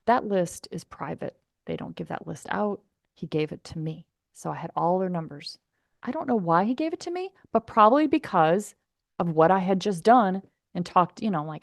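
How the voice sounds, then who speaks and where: A woman podcast host telling a story in a chatty, animated way, full of fillers. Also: mid-range voice, moderate pace, creaky, dry recording, clean studio sound. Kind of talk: casual storytelling.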